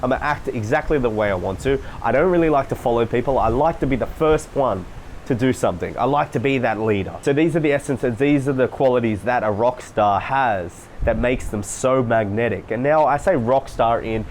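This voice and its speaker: A man's voice: mid-range voice, brisk, darkish tone, slight background noise. A man coaching his viewers in a casual, emphatic monologue, repeating phrases for stress. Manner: emphatic, repetitive, mimics voices to demonstrate. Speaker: social life coach. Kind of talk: solo talk to camera, coaching monologue.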